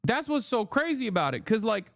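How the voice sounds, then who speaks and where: Here a man's high, gravelly voice comes through clean studio sound without room noise as he talks very animatedly and a little fast. Reacting to a news clip on his stream, he swears, leans into sarcasm, and mocks the people he quotes with silly voices, all in a casual political-commentary vein.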